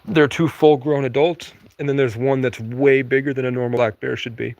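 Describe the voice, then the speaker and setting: A young man with a fairly high voice, rambling loosely through a live stream from the woods at night and swearing casually. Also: fairly even intonation, brisk, creaky, darkish tone. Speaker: livestreamer.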